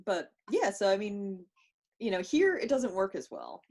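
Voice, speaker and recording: A chatty woman co-hosting a casual podcast, talking over a video call. Her voice sits at a medium pitch, and she tells her stories at an easy conversational clip. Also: huge pitch swings, measured pace, a little mellow, husky. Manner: chatty storyteller. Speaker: podcast co-host. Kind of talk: casual chat.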